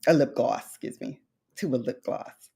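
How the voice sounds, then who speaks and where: A woman's voice: rumbling low, normal speed, creaky, dark tone, slightly rough. A woman from Brooklyn, a beauty vlogger chatting casually with her viewers, heartfelt and nostalgic, calling them babes and honey. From Brooklyn, New York. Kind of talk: casual livestream chat with viewers.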